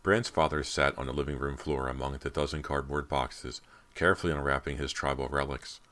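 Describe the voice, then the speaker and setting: Very deep-voiced male narrator. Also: steady tone, brisk, fairly bright tone. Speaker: audiobook narrator. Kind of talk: scripted narration.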